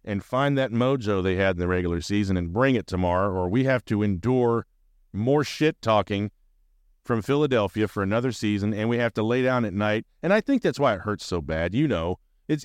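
A fired-up man talking sports on his podcast, rambling from one thought to the next and swearing freely. His voice is smooth and resonant at a middle pitch, recorded dry and close. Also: lively intonation, brisk, no room sound. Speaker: podcast host. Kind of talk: casual sports fan talk.

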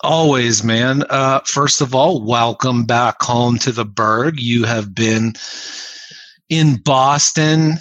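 A man's voice: medium pitch, slow pace, a bit bright, dry recording. A man co-hosting a sports podcast, trading dry wisecracks in casual chat. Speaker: podcast co-host.

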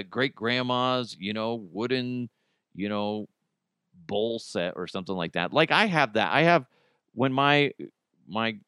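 A man's voice: lowish voice, fairly bright tone, clear, resonant tone, no echo, studio quality. A middle-aged man hosting a podcast in casual chat, rambling and joking, swearing freely and laughing often. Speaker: podcast host.

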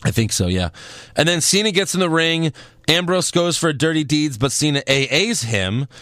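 A man's voice: fairly high pitch, animated, normal speed, pushed and bright, dry recording. A man co-hosting a wrestling podcast, recapping shows in casual, sarcastic chat and often laughing.

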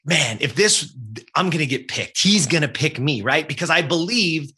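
Earnest husky man in his fifties. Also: on the high side, animated, moderate pace, bright, forceful tone. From Southern California. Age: 50s. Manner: earnest and emphatic, keeps asking "right?". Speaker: guest telling a personal story. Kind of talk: motivational personal storytelling.

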